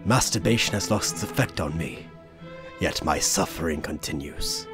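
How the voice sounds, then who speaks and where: A man's voice: deep voice, expressive, moderate pace, fairly bright tone. A man voicing a gloomy, weary warrior in a mock-epic dramatic reading. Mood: mock-solemn. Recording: violin music behind.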